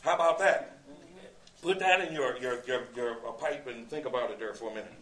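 A man's voice: mid-range voice, fairly quick, fairly bright tone. A male preacher teaching a sermon verse by verse, conversational, quoting scripture and asking rhetorical questions. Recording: echoey room, distant mic.

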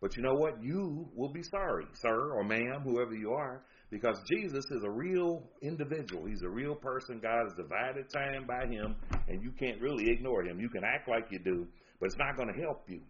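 A man's voice: lively intonation, normal speed, hardly any pauses. A man preaching a sermon, reading out scripture verses and pressing his points with emphasis. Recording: dull low-fi recording with faint noise.

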